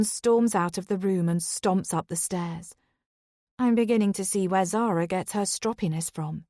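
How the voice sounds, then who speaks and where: A woman reading a first-person thriller audiobook in a calm, even storytelling voice. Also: lowish voice, moderate pace, no room sound, studio quality. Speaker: audiobook narrator.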